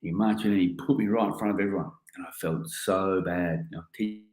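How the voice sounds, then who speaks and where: An Australian man in his forties giving a keynote talk, telling an animated story full of casual slang. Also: sits low, a little fast. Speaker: keynote speaker. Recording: roomy echoing hall.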